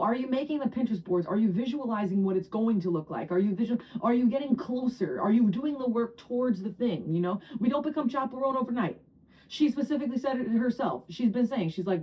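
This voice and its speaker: Speaking to the camera, a New Jersey woman of about forty gives a casual tarot reading. She's chatty and excitable, frequently dissolving into laughter and high-pitched squeals, and the audio quality is poor.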